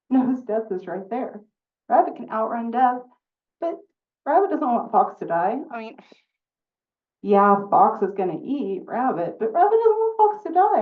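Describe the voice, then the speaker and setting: A woman storyteller telling a folk tale at a live story slam, slow and deliberate with refrains. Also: on the high side, sing-song. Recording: distant phone-like sound.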